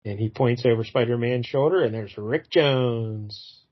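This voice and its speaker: A man recaps a comic book story for a podcast in a loose, meandering way, stopping often on "uh" between beats. His pitch sits in an ordinary middle range. The audio is slightly muffled. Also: measured pace. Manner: rambling, fills gaps with "uh", acts out quotes loosely. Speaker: podcast co-host. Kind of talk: casual chat retelling a comic book.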